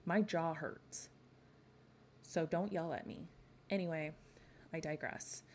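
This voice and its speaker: A woman's voice: deep voice, fairly even intonation, slow, a little mellow, slight background noise. A woman hosting a podcast, chatting in a gossipy, sassy way with frequent rants. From not from the American South. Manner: gossipy, sassy, ranting with laughs. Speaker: podcast host. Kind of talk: casual chat.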